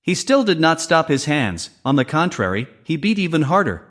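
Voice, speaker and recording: A man's voice: a little high, sing-song, normal speed, fairly bright tone. A man narrating a comic story recap, reading all the characters' lines in his own voice.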